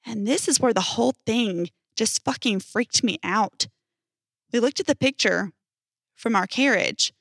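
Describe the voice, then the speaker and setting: Female storyteller, bright tone, dry booth sound, casual delivery. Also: on the high side, a little slow, creaky, dry recording. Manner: casual storytelling with emphatic swearing. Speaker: narrator reading posts. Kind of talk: reading stories aloud.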